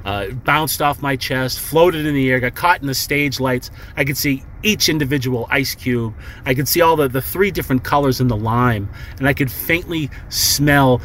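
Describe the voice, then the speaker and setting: A man leaves a message for a podcast, telling a rambling, comic story packed with swearing and "he goes" retellings. His medium-pitched voice is fairly bright, at a moderate pace with hardly any pauses, and there's a little hiss or hum.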